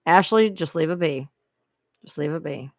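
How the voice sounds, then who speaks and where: A woman's voice: sits low, moderate pace, no room sound, clean studio sound. A woman hosting her own live stream, venting to viewers in a frustrated, profane rant. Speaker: livestream host.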